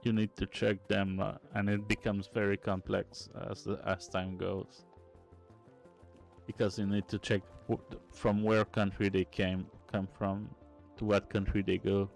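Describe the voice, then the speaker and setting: A young man streaming game development, quietly muttering to himself in halting phrases as he works. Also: lowish voice, little pitch movement, vocal fry, faint music behind. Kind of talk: casual livestream commentary while coding and gaming.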